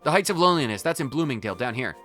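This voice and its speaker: A man commenting on his own gameplay in a rambling, excitable, playful way, hopped up on caffeine. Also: medium pitch, racing, faint music behind. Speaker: let's play host.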